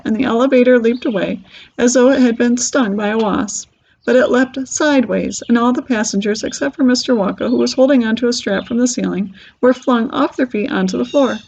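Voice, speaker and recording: A woman reading a children's book aloud with lively, expressive storytelling. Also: on the high side, creaky, husky. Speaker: storybook reader. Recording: dull lo-fi recording.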